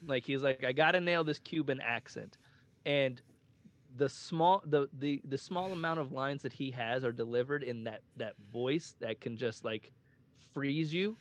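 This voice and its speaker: A man co-hosting a casual movie podcast, animated and laughing as he quotes lines. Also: medium pitch, a little slow. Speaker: podcast co-host.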